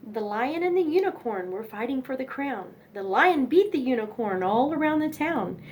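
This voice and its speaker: A woman's voice: high voice, expressive, normal speed. A young woman reading nursery rhymes aloud in a sing-song manner, with chatty asides between poems.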